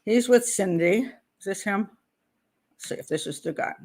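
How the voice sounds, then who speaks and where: A woman's voice: medium pitch, normal speed, a little mellow. Woman, profiler host; reads true-crime passages aloud, dramatizes quotes, loose conversational asides. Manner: chatty asides with restarts between read passages. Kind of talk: reading a true-crime book aloud with commentary.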